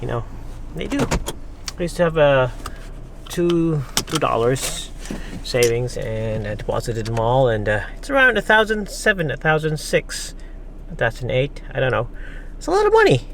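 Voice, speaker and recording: A man's voice: medium pitch, big pitch swings, normal speed, gravelly, fairly bright tone. A man from the Philippines talking casually to camera in a vlog, rambling with many fillers and breaking into angry swearing rants. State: headache, migraine. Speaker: vlogger. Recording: noisy street and traffic behind.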